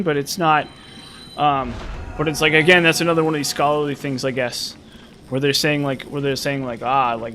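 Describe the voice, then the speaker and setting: A man's voice: a little high, fairly bright tone, a little hiss or hum. A young man casually commenting while he plays a game, rambling and musing with many restarts and fillers. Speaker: gaming channel host.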